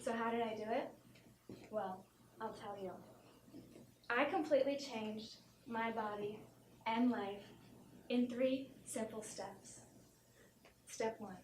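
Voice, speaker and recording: A young woman stand-up comedian spoofs a motivational talk with mock earnestness, giggling between her lines. She speaks slowly in a slightly high voice, leaving long pauses. The echoey, noisy theater puts her far off, with audience laughter behind.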